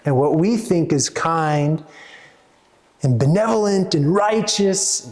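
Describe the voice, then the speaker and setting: Therapist-coach type man, earnest, stop-start delivery, voice a touch high. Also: lively intonation, darkish tone. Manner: earnest, halting, many restarts. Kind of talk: talk to a small audience.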